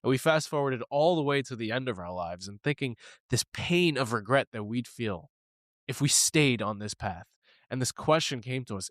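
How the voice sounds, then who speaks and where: A man's voice: mid-range voice, animated, moderate pace, fairly bright tone, no room sound. A man co-hosting a podcast, telling a personal story candidly and with animation, laughing now and then and swearing casually. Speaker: podcast co-host.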